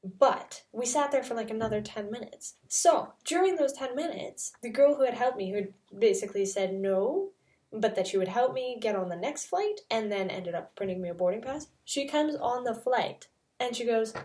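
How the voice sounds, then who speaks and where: A woman's voice: on the high side, animated, moderate pace, mellow, distant mic. A young woman from Canada, telling a travel story in a casual, chatty way full of "like" fillers. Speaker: vlogger.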